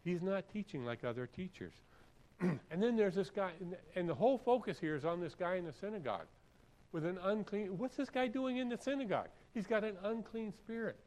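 Man preaching, clearing his throat. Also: high-pitched, lively intonation, fairly quick, darkish tone, low-quality recording. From San Francisco area. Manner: reads scripture then explains it conversationally, repeats phrases for emphasis. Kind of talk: expository sermon.

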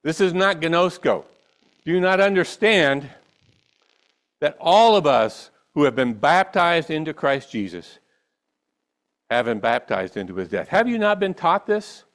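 A man's voice: a little high, very animated, a little slow, fairly bright tone. A man preaching a sermon, reading scripture and then pressing his listeners with rhetorical questions and emphatic repetition. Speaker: pastor.

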